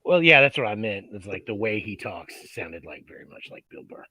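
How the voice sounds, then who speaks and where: A man telling stories on a live stream, chatty and animated, acting out what people said. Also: on the low side, fairly quick, breathy edge, dry recording. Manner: animated, chatty, acts out quoted lines. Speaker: stream guest. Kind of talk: casual storytelling chat.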